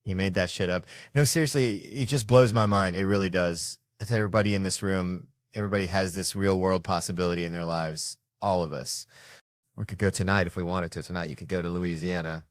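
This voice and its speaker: Deep-voiced male stand-up comic. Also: brisk, no room sound, studio quality. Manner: animated storytelling with acted-out voices. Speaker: stand-up comedian. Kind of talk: stand-up comedy. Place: comedy stage. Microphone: handheld stage microphone.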